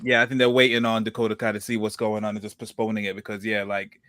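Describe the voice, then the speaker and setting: A man's voice: lowish voice, little pitch movement, quick pace, fairly bright tone. A man co-hosting a casual wrestling podcast, rambling with lots of fillers and restarts and greeting viewers in the comments. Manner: reads viewer comments aloud. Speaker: podcast co-host.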